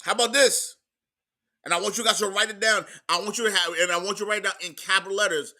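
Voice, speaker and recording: A man preaching a sermon in an emphatic, repetitive style, moving between quiet stretches and loud outbursts. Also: high-pitched, fairly even intonation, fast talker. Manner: emphatic preaching, repeats words, swings from soft to loud.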